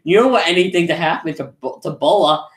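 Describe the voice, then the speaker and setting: A man's voice: on the high side, fairly quick, a bit bright, voice pushed up, natural voice. A man voicing a cheerful male warrior hero who coaxes and pleads with a friend. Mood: coaxing. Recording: roomy echo.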